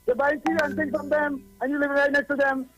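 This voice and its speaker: Trinidadian man caller, very high voice, preachy and repetitive, dull lo-fi line. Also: little pitch movement, brisk, fairly bright tone, faint music behind. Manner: preachy, repeats himself for emphasis. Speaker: radio caller. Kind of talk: call-in radio talk.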